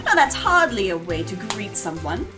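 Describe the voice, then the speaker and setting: A woman's voice: medium pitch, very animated, normal speed, natural voice. A woman voicing a nosy, pushy old lunch lady in a mock accent that drifts between Russian and British, smoky and huffy. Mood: haughty. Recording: game music playing behind. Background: game music.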